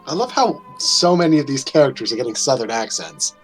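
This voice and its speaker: A man playing in a tabletop game, chiming in with excited remarks. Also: mid-range voice, brisk, soft background music, poor audio. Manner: excited, loud interjections. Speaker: player.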